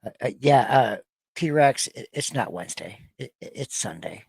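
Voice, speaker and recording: A blunt, foul-mouthed middle-aged man hosts a loose reaction show, rambling and doubling back on his words. His voice sits at an ordinary middle pitch. The sound is dry and close, with no room behind it. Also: animated, moderate pace, creaky, darkish tone, breathy edge, dry recording. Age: 40s to 50s. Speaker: podcast host. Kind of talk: casual reaction-show banter.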